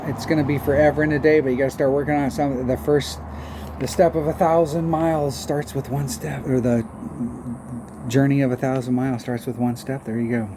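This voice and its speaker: A man's voice: medium pitch, flat delivery, a little fast. A man giving rambling, self-mocking casual commentary on a mobile golf game while humming little tunes, recorded with audible background noise.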